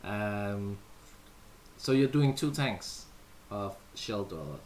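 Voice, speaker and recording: Animated but slow, with a fairly low and slightly mellow voice, a Danish livestream host whose first language is Danish banters with viewers and answers their questions. He's playful and leans heavily on fillers, with slight background noise in the clip.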